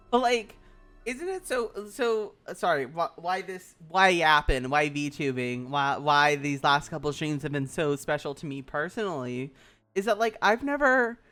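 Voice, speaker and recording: A woman from the Southern United States, a VTuber talking on her stream in an earnest, halting, rambling way. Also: on the low side, fairly bright tone. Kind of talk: casual personal stream talk.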